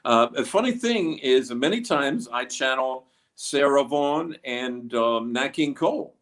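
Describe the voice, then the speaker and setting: A male musician being interviewed, speaking at a middle pitch. He rambles, circles back, and scatters fillers through every thought. It is a loose, conversational delivery. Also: animated, unhurried, fairly bright tone. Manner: rambling, with many fillers and restarts. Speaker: guest musician. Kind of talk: casual interview.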